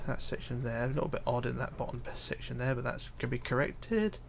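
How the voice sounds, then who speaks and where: Gravelly-voiced man chatting on a stream. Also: medium pitch, lively intonation, fairly quick, slight background noise. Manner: reads viewer comments aloud, hesitant with fillers, mutters while counting. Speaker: livestreamer. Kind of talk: casual live stream chat while building.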